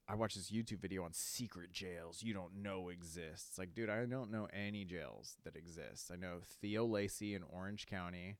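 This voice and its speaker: A young man hosts a podcast, telling rambling stories in a casual monologue while swearing and saying "like" a lot. His low voice is clear and resonant, with no room sound.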